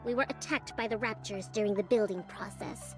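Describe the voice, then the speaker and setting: A woman's voice: medium pitch, natural voice. A woman voicing a smug, scheming woman executive who talks down to her staff, over game music. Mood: evasive. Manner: slow, honeyed, condescending. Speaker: company chief executive. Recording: game audio with clear music.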